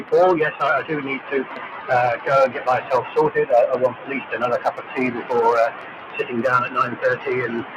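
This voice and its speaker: A man chatting on an amateur radio net, pausing often with drawn-out fillers as he talks. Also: mid-range voice. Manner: hesitant, filled with uh pauses. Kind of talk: casual radio net chat. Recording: noisy muffled AM shortwave reception.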